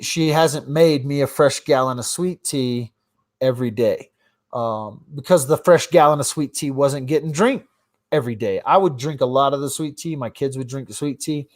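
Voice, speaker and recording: A man talking into his phone on a casual livestream, going off on rants. He jumps from loud, fired-up bursts down to quiet mutters under his breath. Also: mid-range voice. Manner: ranting, swings between loud outbursts and mumbled asides. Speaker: livestream host. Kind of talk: casual live-stream rant.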